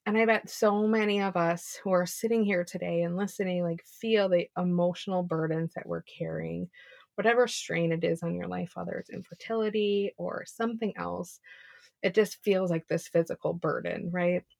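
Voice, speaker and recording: A woman's voice: lowish voice, steady tone, normal speed, creaky, a little mellow, no echo, studio quality. A young woman co-hosting a podcast, giving a casual faith devotional talk in an earnest, chatty way full of "like". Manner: earnest, chatty, heavy filler "like".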